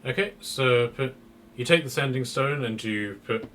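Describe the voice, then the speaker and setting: A man's voice: mid-range voice, a little slow. A man guides a tabletop game in an easygoing, conversational way. He fills gaps with ums and uhs while he checks in with players. Faint room noise hangs in the background. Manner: casual, relaxed, with many fillers. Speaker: game master.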